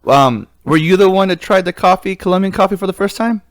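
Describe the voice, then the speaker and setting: A man hosting a podcast in casual chat, relaxed and laid-back, steering the talk. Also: sits high, quick pace, dry recording, clean studio sound. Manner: relaxed, laid-back, says bro a lot. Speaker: podcast host.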